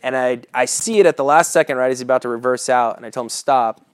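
A man's voice: medium pitch, racing, no echo. A man preaching a sermon, telling a personal story in a casual, chuckling way and often asking the listeners "right?".

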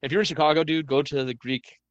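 A man's voice: on the high side, steady tone, quick pace, no room sound, muffled recording. A man telling a long story in casual chat, rambling with many fillers and restarts and the odd swear word.

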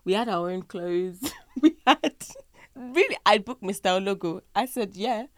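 A woman's voice: medium pitch, measured pace, no echo. Young woman rambling and laughing about her day, voice going up and down a lot, dry close mic. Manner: animated storyteller, laughs often. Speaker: podcast guest, recent bride. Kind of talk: casual chat.

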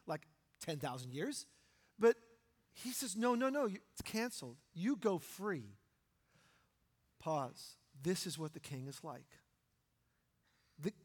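A man preaching a sermon as pastor, animated and acting out voices from the story. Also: a little high. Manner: animated, acts out the parable's voices. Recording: long hall reverb.

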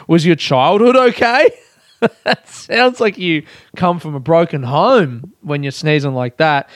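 A man hosts a casual solo podcast, telling rambling jokes about himself and laughing often. His voice sits fairly high, and he talks at an unhurried, drawn-out pace. The sound is dry and close. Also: animated, no room sound. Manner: chatty, joking and self-mocking, laughs often. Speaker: podcast host.

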